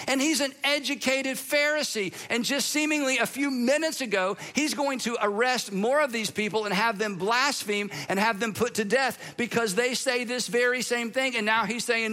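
A man preaching a sermon, telling the story in an animated way with playful humor. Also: very high voice, moderate pace, hardly any pauses. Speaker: pastor.

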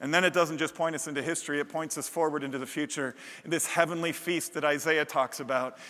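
A male pastor with a high, ringing voice delivers a sermon in a church sanctuary. His delivery is conversational yet builds to fervent emphasis, and the sound carries a long hall reverb. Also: steady tone, fast talker, sharp tone.

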